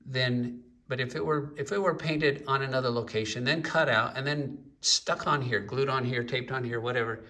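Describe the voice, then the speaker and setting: A man teaching a painting lesson, explaining at an unhurried pace while pointing at his work and mixing in stories. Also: medium pitch, fairly even intonation, pushed and bright, recorded from a distance. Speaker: painting instructor.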